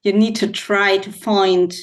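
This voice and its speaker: A woman from Germany with a German accent, a podcast guest speaking English thoughtfully with pauses and fillers over a video call. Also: mid-range voice, level tone. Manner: thoughtful, hesitant, many fillers. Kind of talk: casual interview chat.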